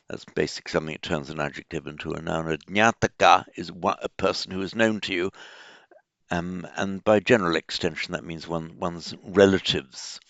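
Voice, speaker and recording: A man giving an informal lecture on Buddhist texts, explaining word roots slowly with many fillers and restarts. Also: deep voice, a bit bright, no room sound. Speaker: teacher of Pali and Buddhist texts. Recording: dull, muffled lo-fi sound.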